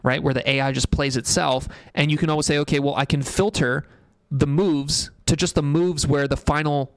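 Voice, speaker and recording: A young man talking loosely on a tech livestream, rambling from point to point in a blunt way, with the odd curse thrown in. His voice sits a little high for a man. The sound is close and dry, with no room around it. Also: steady tone, normal speed, no room sound. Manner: rambling, blunt and profane, reads chat aloud. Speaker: livestream host. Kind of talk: casual tech livestream commentary.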